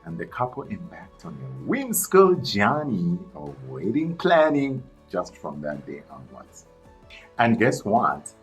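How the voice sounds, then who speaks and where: A man narrating a storytime story in an animated, chatty way, talking straight to viewers. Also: fairly low pitch, unhurried, faint music behind, rough recording.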